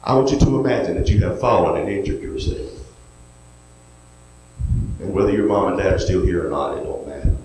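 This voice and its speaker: Preacher in an echoey hall. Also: male voice, low voice, lively intonation, fairly quick, long pauses. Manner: folksy storytelling, then soft pleading. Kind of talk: sermon. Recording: very echoey hall with faint noise.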